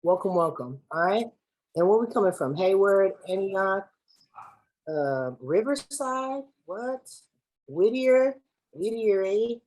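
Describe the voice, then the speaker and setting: A woman's voice: mid-range voice, lively intonation, measured pace, darkish tone, poor audio. A woman from Los Angeles facilitating an online workshop over a video call in a playful, slangy, chatty way. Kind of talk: lively online workshop hosting.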